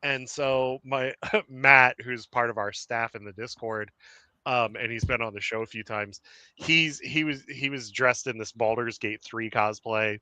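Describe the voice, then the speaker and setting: A male podcast host chatting in a loose, rambling way, full of fillers and small laughs. His voice is bright and forward, and he talks at an unhurried pace. The sound is dry and close on the mic. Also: medium pitch, fairly even intonation, no echo. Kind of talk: casual chat.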